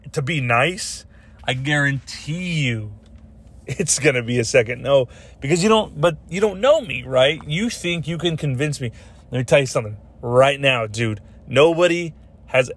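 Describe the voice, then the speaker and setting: A young adult man hosting a podcast, ranting casually and profanely, telling stories and acting out the people in them. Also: a little high. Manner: animated, profane storytelling with voiced quotes. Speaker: podcast host. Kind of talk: casual solo podcast rant.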